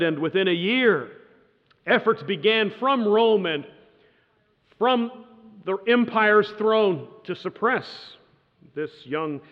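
A man telling history as a dramatic lecture, emphatic, with pauses and swelling stresses. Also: high-pitched. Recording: dull lo-fi sound in a reverberant hall.

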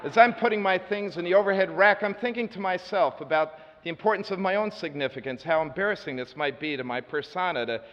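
A man preaching a sermon as a story, earnest with dry asides, moving between loud and hushed delivery. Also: high-pitched, quick pace, hardly any pauses. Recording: reverberant hall, dull lo-fi sound.

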